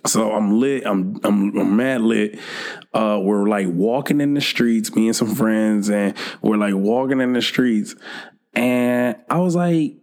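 A man's voice: on the low side, unhurried, a little mellow. A young man hosting a podcast, telling a funny weekend story in a laid-back, casual way, swearing often and laughing a lot. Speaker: podcast host.

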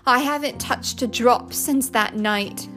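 A woman's voice: on the high side, slow pace, over music. A woman voicing a sobbing, broken father. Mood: anguished. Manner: loud, anguished, breaking. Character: despairing middle-aged father, drunk, sobbing.

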